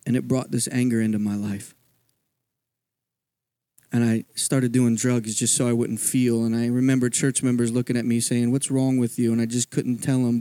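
A man's voice: mid-range voice, mellow, clean tone, dry recording. A man from Philadelphia giving a personal testimony as a guest speaker at a church, talking in a conversational storytelling way with frequent asides. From Philadelphia, USA.

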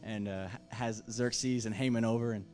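A man's voice: fairly low pitch, steady tone, normal speed, warm tone, faint music behind. A man preaching a sermon as pastor, impassioned, with emphatic repeated phrases.

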